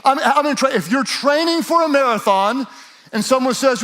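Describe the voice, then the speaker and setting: A man preaching a sermon to a live audience. He is energetic and playful, acts out quoted voices, and builds up to shouts. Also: very high voice, normal speed. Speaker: pastor.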